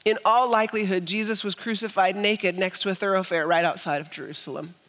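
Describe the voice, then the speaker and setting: A woman pastor preaching a sermon earnestly, moving from hushed stretches to emphatic, raised passages. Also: medium pitch, steady tone, brisk. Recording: long reverb of a large hall.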